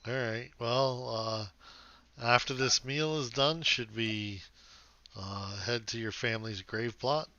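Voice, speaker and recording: A man playing a tabletop role-playing game, talking in an unhurried, hesitant way full of fillers. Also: mid-range voice, steady tone, pushed and bright, dry recording, lo-fi sound. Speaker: player. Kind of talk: tabletop role-play chat.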